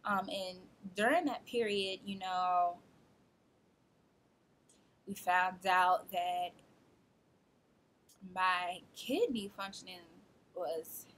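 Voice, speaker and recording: Lively young woman telling her story. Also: lowish voice, very slow, pauses often. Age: 20s. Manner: animated, acts out quoted people, laughs often. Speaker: vlogger. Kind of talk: casual storytelling to camera.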